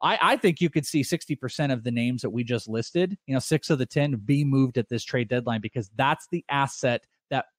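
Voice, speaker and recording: A man's voice: mid-range voice, brisk, hardly any pauses, dry recording, clean studio sound. Chatty male sports radio co-host. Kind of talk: casual sports talk.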